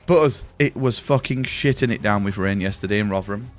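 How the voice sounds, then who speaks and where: A man's voice: fairly low pitch, fairly quick, faint music behind. A young British man chatting casually with his live-stream viewers, swearing freely and calling them mate. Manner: chatty, sweary, addresses chat as boys and mate.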